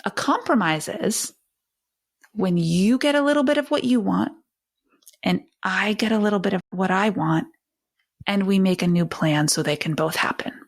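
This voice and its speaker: A woman parenting educator hosting a talk, speaking expressively and acting out warm back-and-forth with a child as she teaches. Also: mid-range voice, moderate pace. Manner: expressive, emphatic, acts out dialogue with a child.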